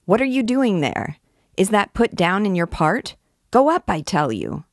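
A man's voice: a little high, unhurried, no room sound, clean studio sound. A woman reading as Gringoire, a grumbling poet. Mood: angry. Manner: grumbling, exasperated. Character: vain frustrated male poet, playwright.

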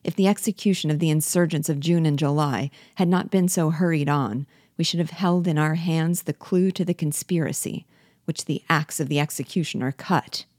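A woman's voice: deep voice, steady tone, normal speed, darkish tone, dry recording, studio quality. A woman reading the lines of a blunt, reproachful male colonial planter.

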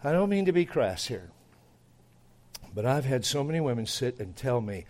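A middle-aged man preaching a sermon as a pastor, emphatic, dropping to quiet asides and rising to loud bursts. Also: mid-range voice, sing-song, moderate pace, pauses often.

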